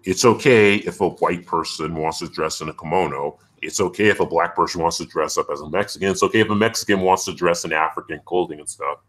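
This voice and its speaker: Low-voiced ranting man on a call. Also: fast, few pauses. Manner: animated, ranting, frequent "it's like". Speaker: podcast host. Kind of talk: casual opinionated chat.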